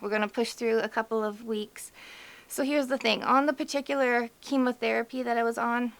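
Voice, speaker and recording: Gravelly-voiced woman vlogger, candid and emotional. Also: fairly high pitch, steady tone, brisk. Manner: emotional, fighting back tears; candid and chatty, says "like" and "you know" a lot. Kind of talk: personal update vlog.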